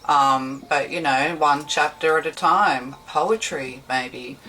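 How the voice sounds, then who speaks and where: A woman's voice: low voice, slow, sharp tone. A woman giving a casual tarot reading, chatty and rambling, often correcting herself mid-sentence. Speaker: tarot reader. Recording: slightly distant mic with faint background hiss.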